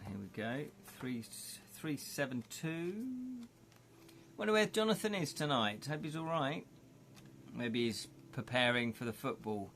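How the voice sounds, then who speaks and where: A man's voice: mid-range voice, expressive, unhurried, a bit bright, slight background noise. A man reading a choose-your-own-adventure book live, chatty with jokey asides. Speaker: game host and reader.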